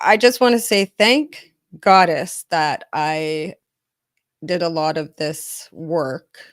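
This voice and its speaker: Earnest woman intimacy coach for a candid confessional vlog, fairly low-pitched, recorded dry and close. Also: no echo. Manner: candid, earnest, with frequent restarts. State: emotional, close to tears.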